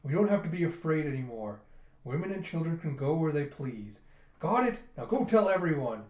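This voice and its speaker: A man voicing a brash, generous female pirate captain in a slow, commanding way. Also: fairly high pitch, very animated, a little mellow. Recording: roomy echo.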